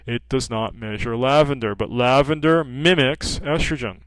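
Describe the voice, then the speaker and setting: A man with a mid-range voice and fairly even intonation speaks at a moderate pace while selling progesterone cream to customers. Informal in tone, he relates patients' stories, acts out their calls, and leans on the word "okay." The audio is dry and of poor quality.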